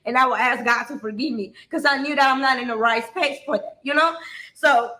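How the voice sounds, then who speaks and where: A woman's voice: high-pitched, brisk, pushed and bright, echoey room. A woman telling her own story bluntly and emotionally, swearing freely and talking straight to her listeners.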